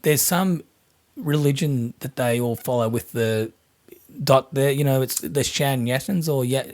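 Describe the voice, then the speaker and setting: A man's voice: mid-range voice, unhurried. A middle-aged Australian man hosting a podcast, telling long rambling stories with casual swearing. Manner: rambling storyteller, swears freely. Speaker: podcast host. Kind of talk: casual interview chat.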